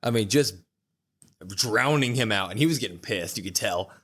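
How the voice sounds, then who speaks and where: A man's voice: lowish voice, lively intonation, normal speed, fairly bright tone. A man co-hosting a podcast who retells a wrestling show in long, casual runs, often stopping on fillers. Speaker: podcast co-host. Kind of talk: casual wrestling recap chat.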